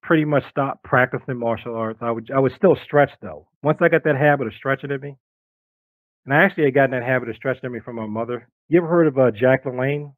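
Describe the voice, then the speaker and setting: A man in his forties, a guest on an interview show, telling stories in a lively way and acting out the voices of the people in them. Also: mid-range voice, fast, no room sound, low-quality recording. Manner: lively storyteller who acts out quoted voices. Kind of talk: casual storytelling interview.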